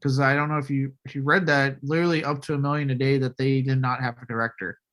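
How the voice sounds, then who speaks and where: A man talking loosely and profanely in a casual podcast chat. He rambles through his points and now and then bursts into loud mock shouting. His voice sits at an ordinary middle pitch. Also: little pitch movement, fast.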